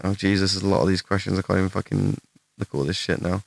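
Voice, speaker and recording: A young English man answering chat questions on a stream in casual, rambling talk, swearing freely and putting himself down, with a fairly deep voice. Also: steady tone, fast, creaky, dry recording. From England. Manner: rambling, swears a lot, self-deprecating.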